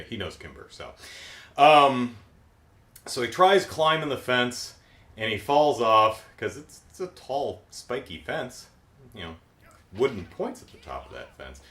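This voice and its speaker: A middle-aged man rambles through a jokey episode recap. His pitch jumps around a lot, and the room gives a roomy echo. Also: a bit bright. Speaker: show recap host. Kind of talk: casual comedic recap.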